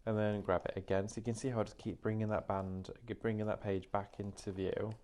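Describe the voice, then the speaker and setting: Male craft presenter, lower register, friendly step-by-step explaining. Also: level tone, fairly quick, a little mellow. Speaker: craft demonstrator. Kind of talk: live shopping craft demo.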